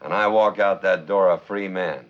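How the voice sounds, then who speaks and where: A man playing a gruff, blunt desert guide. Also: low-pitched, steady tone, moderate pace, muffled recording, natural voice. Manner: blunt, terse, sarcastic. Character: gruff, stubborn male desert guide in jail.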